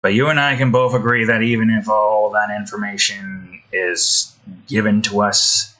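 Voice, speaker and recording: A man's voice: lowish voice, level tone, normal speed, sharp tone. A man giving rambling gameplay commentary while building in a game, interrupting himself often and swearing. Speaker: game content creator. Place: indoors.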